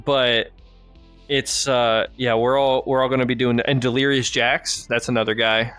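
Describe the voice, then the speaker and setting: A man's voice: mid-range voice, flat delivery, normal speed, a bit bright, clear, resonant tone, no room sound, soft background music. A young man hosting a podcast in casual chat, telling rambling stories, swearing freely and laughing often. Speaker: podcast host.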